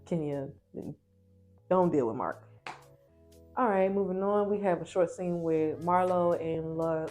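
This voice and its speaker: A woman casually recapping a reality TV episode, chatty and opinionated, retelling scenes quickly. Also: fairly low pitch, darkish tone, soft background music.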